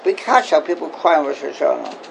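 A man's voice: fairly high pitch, lively intonation, a little fast, vocal fry, a little hiss or hum, low-quality recording. A man teaching an informal Torah class as a rabbi, questioning and emphatic, repeating his key points.

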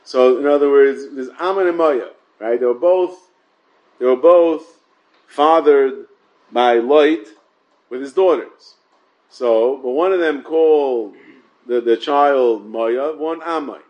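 A slow, mid-range male voice delivers a casual English Talmud class, the Torah study teacher mixing Hebrew and Yiddish terms into his speech. He repeats words frequently and uses "yeah?" and "right?" as rhetorical check-ins. The audio sounds dull.

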